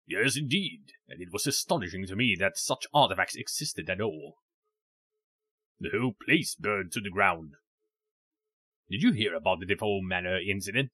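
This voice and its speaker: A man's voice: deep voice, expressive, normal speed, bright, forceful tone, pitched below the performer's own voice, exaggerated voice. A man voicing a genial, old-fashioned male professor, jovial and a bit posh, reading game dialogue aloud.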